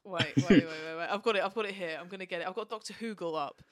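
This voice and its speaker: Animated, sweary young Englishwoman. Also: fairly low pitch, fast, crowd noise. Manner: animated, swears a lot, acts out characters. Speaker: podcast co-host. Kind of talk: casual chat.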